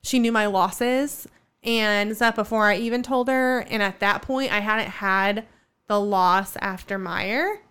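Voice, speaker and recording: A young woman in her twenties tells a long personal story in casual conversation. Her voice is smooth and clear at a medium pitch. She rambles warmly with plenty of fillers and restarts. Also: measured pace. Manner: chatty storytelling with many fillers. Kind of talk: casual chat.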